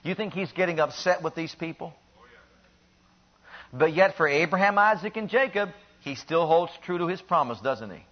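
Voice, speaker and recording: A man preaching a sermon in an animated way, building to emphatic peaks and then dropping low. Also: normal speed. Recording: dull lo-fi recording.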